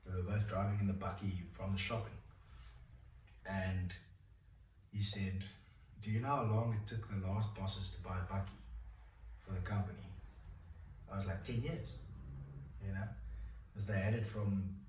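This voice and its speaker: A South African man with a fairly low voice recounts his faith story in a loose, rambling way, full of fillers and restarts. He sits some distance from the mic in an echoey room, with a faint hum of ambience underneath. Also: fairly even intonation, normal speed, pauses often, a little mellow. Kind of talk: candid personal testimony in a conversation.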